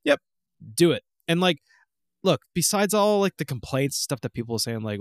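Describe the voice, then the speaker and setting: Young adult male podcast co-host, lively swinging pitch, dry close sound, casual ranting delivery. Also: a little fast, no echo. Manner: animated, ranting, acts out game moments. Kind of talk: casual chat.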